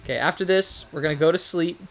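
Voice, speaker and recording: A man's voice: a little high, quick pace, soft background music. A man giving casual, chatty commentary on his own gameplay, talking to the game characters and laughing often. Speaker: let's play gamer.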